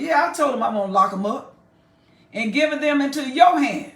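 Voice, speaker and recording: A woman's voice: sits high, lively intonation, brisk. Woman preaching scripture, punchy and down-home, sounds far from the mic, roomy echo. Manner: emphatic, folksy, talks straight to the listener. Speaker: Bible teacher. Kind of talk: preaching Bible exposition. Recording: echoey room, mic far off.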